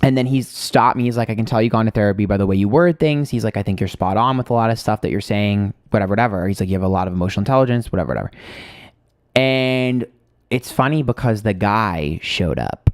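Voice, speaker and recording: Livestream host, male, lowish voice, chatty storyteller who swears a lot, dry close sound. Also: animated, quick pace, no room sound. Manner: chatty storytelling, swears freely, greets viewers. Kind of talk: casual livestream chat.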